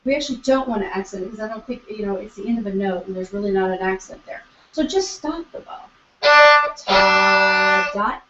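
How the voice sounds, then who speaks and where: A woman teaches violin online to a young student, patient and encouraging, singing out bowing syllables as she guides. Her mid-range voice is animated and quick, heard on a roomy, dull lo-fi video call with violin playing in the background.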